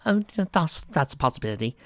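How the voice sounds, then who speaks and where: A woman's voice: rumbling low, big pitch swings, brisk, no echo, studio quality, exaggerated voice. A woman voicing Rarity, a refined, fashionable adult mare unicorn with a theatrical, genteel manner. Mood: coaxing.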